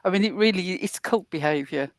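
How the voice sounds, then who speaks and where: A woman's voice: on the low side, a little fast, dry recording, clean studio sound. A woman with a British accent, blunt and sarcastic, chatting casually as a co-host on a livestream. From England. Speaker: guest co-host.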